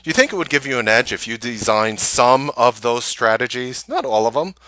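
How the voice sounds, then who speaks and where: A man host recapping a trading day and pitching his course, emphatic and full of rhetorical questions. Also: animated, brisk, sharp tone, no room sound.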